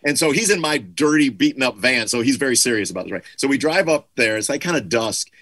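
A man's voice: mid-range voice, lively intonation, fast, a bit bright, husky, no echo. A middle-aged man, a guest musician, telling a loose, rambling anecdote in a casual interview, full of "like" and restarts. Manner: loose storyteller with frequent "like" fillers.

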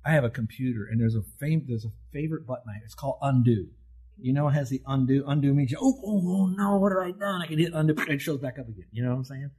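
An older man preaches an animated sermon, his voice a little husky. He asks his listeners questions and answers them himself, leaning hard on key words. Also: medium pitch, rapid-fire. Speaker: pastor.

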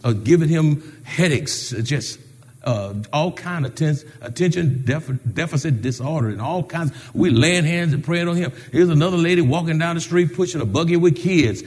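A pastor preaching a lively sermon, calling out to the congregation and driving his points with sudden raised emphasis. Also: a little high, moderate pace, breathy edge, big-room sound.

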